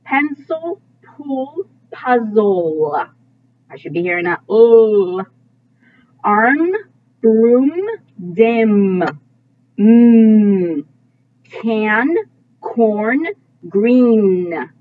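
A woman teaching a phonics lesson to young children, slowly modeling each sound and praising often. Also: a little high, expressive, a little hiss or hum. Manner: slow, drawn-out sound modeling with frequent praise. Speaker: kindergarten teacher. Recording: tinny phone-like audio.

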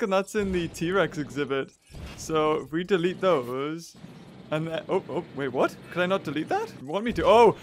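Male gamer, let's play commentary, high-pitched, very animated, excitable and chatty. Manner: excitable, chatty, talks to the game characters. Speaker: gaming channel host.

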